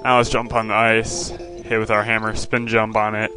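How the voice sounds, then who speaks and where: A man giving quiet, offhand, sarcastic commentary while playing a video game. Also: fairly low pitch, monotone, normal speed, music in the background. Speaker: let's play commentator.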